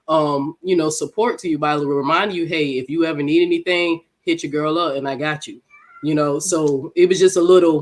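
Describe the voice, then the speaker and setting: A woman with a cold and a speech impediment, blunt and insistent in an online panel debate over a call mic. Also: low-pitched. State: congested from a cold. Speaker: debate guest.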